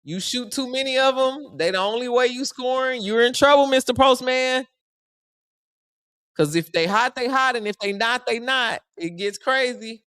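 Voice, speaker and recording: A man's voice: extremely high pitch, normal speed, smooth, no echo, studio quality. A young man giving casual, joking live commentary on a basketball game. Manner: animated, joking, slangy and conversational. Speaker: sports commentary streamer.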